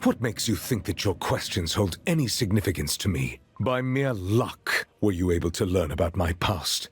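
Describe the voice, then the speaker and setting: An actor playing a stern, contemptuous ancient male cookie commander in a game, speaking solemnly with a deep husky voice. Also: animated, moderate pace, faint music behind, heavily acted. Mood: cold. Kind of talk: game voice acting.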